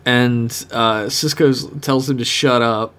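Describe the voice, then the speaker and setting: A man's voice: mid-range voice, fairly even intonation, a bit bright, smooth. A man co-hosting a podcast, chatting casually and jokily about a TV episode, swearing and mimicking characters. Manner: laughing, swearing, acting out lines in quick put-on voices. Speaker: podcast co-host. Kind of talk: casual chat recapping a TV episode.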